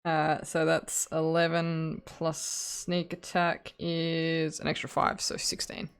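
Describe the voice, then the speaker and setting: Player, gravelly mid voice, eager and chatty. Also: medium pitch, completely flat delivery, slow. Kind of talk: playing a tabletop game.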